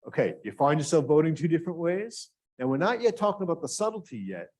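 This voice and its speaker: A man's voice: on the high side, big pitch swings, fast, a little mellow. A man teaching a grant writing workshop to a live room and online audience, asking questions and drawing the listeners in. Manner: engaging, asks the audience questions. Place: classroom with live and remote audience.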